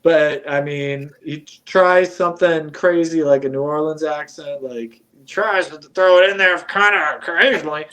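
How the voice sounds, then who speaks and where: A man chatting casually as a guest, animated and laughing, swearing as he goes. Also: a little high, moderate pace, hardly any pauses, rough recording. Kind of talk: casual chat.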